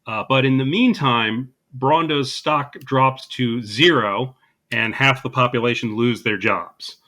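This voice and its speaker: A man's voice: mid-range voice, measured pace, bright, forceful tone. A man co-hosting a podcast, casually recapping a movie with dry, sarcastic humor. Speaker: podcast co-host.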